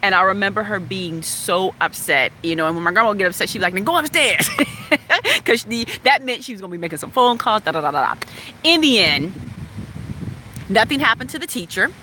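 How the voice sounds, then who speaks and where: Bright-voiced woman telling a story. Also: mid-range voice, fast, slight background noise. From West Virginia, USA. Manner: frank, animated, chatty, laughs now and then. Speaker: vlogger telling a personal story. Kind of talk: candid personal storytelling.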